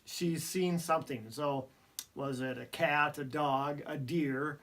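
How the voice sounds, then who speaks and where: A man's voice: fairly high pitch, fairly even intonation, slow, fairly bright tone. A man in his fifties telling a hunting story in casual conversation, laughing often and poking fun at himself. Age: 50s. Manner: laughs often, self-deprecating. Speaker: podcast co-host.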